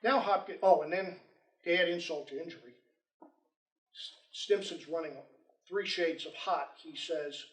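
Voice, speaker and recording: A man giving a storytelling history lecture, animated and acting out quoted dialogue, in a lecture room with roomy echo. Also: fairly high pitch, unhurried, long pauses. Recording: roomy echo, distant mic.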